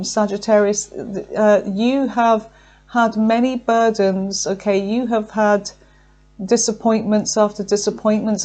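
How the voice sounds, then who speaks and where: A woman's voice: mid-range voice, dark tone. A woman giving a tarot card reading, effusive and emotional, thinking aloud with frequent fillers. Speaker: tarot reader.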